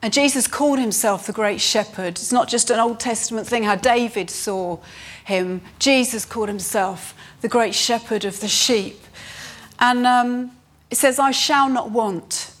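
A woman preaching a sermon, earnest, rising in pitch on emphasis and slowing down to read scripture.

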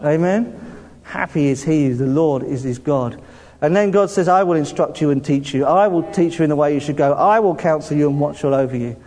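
A pastor with a southern English accent preaches a sermon to a congregation in a church hall, his voice on the high side and a little fast. He's lively, laughs often, and calls out to the room for responses, with the hall's long reverb around him.

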